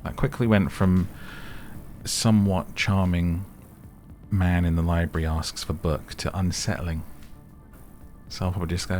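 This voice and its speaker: A soft-spoken man with a very low voice giving slow, rambling, gently amused commentary on a game to help listeners sleep. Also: flat delivery, faint music behind. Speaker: gaming ASMR host.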